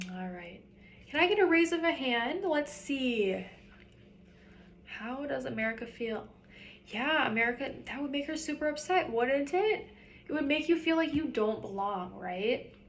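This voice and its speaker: A woman's voice: fairly high pitch, vocal fry, slight background noise. A woman teaching a class of fourth graders, reading a story aloud and stopping to ask the children questions. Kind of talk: classroom read-aloud lesson.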